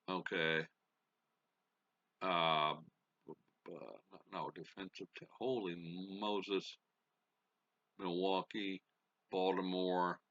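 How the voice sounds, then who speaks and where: A man's voice: sits low, fairly bright tone, muffled recording. A middle-aged man hosting a gaming channel, calling a baseball sim game play-by-play and muttering to himself with folksy exclamations.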